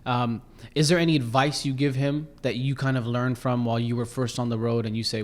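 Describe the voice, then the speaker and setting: A man in his thirties from Canada hosts a podcast, relaxed and asking long, winding questions. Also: medium pitch, a little fast, few pauses. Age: 30s. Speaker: podcast host. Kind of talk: casual interview talk.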